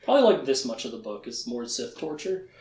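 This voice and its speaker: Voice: mid-range voice, animated, fast talker, a little mellow, reverberant. A podcast host giving a casual, chatty recap of a fantasy novel with laughing asides.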